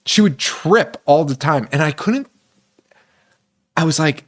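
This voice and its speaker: A man co-hosting a casual horror movie podcast, animated, laughing often and swearing freely. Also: on the high side, moderate pace. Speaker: podcast co-host.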